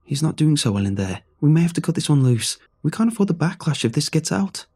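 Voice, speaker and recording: Brief: nervous male schemer, read by the narrator, raised pitch, husky. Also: very animated, fast talker, full character voice. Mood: worried. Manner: anxious, hushed urgency. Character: worried man, nervous conspirator.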